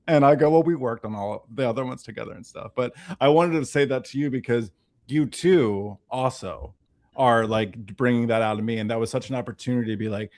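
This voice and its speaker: A podcast guest with a brisk mid-range voice chats casually and tells a story. He's an animated storyteller who acts out the dialogue and swears freely.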